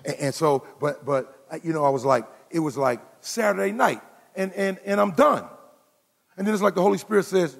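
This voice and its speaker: Gravelly preacher in a reverberant hall. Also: male voice, moderate pace. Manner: animated preaching, swinging from low murmurs to shouts. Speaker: pastor. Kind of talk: sermon. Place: church sanctuary.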